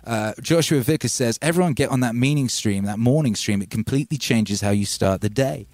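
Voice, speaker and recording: A man hosting a relaxed livestream, rambling and reading out chat names. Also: mid-range voice, fairly quick, dry recording. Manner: laid-back, rambling, calls listeners baby. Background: faint music.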